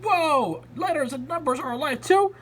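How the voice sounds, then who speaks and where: A woman voicing an excitable, patriotic male living block who shouts his excitement. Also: high-pitched, moderate pace, pitched above the performer's own voice. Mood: excited. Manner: loud, excited exclamations.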